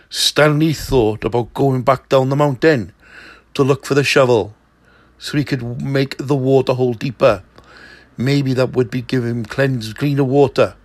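A man reading a novel aloud in a slow, steady way, with an occasional slip. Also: medium pitch, dry recording. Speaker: narrator.

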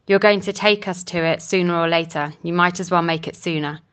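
A woman voicing a desperate, cruel red-haired woman in a storybook reading, with a sharp manner. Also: lowish voice, fairly even intonation, brisk, clear, resonant tone, close to an everyday voice.

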